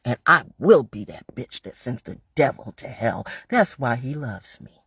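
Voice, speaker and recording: Speaking straight to viewers in her vlog, a woman rants expressively and unhurriedly, hammering phrases through repetition and lots of profanity. Her bass voice is husky yet fairly bright, and the recording is dry.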